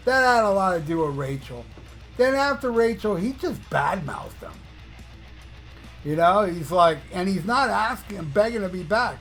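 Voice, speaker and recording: A man's voice: high voice, animated, normal speed, a bit bright, soft background music. A man hosting a podcast, talking in a casual monologue as a blunt, profane, ranting fan. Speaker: podcast host.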